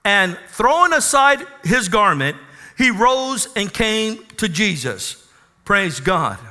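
A man's voice: sits high, sing-song, slow pace, sharp tone, long reverb tail. A man preaching a sermon to his congregation, calling for amens and acting out Bible figures. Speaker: pastor. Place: church.

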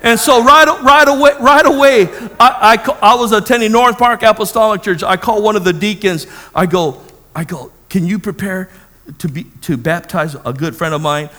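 A man preaching, telling a personal testimony as a lively story and acting out the voices of the people in it. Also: high voice, moderate pace, long reverb tail. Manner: animated storytelling, acts out voices. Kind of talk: sermon testimony.

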